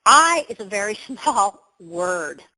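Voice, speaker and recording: A woman's voice: mid-range voice, sing-song, slow pace, bright, forceful tone, rough recording. A woman giving a motivational webinar talk over her computer, emphatic and upbeat, with exclamations. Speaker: webinar presenter.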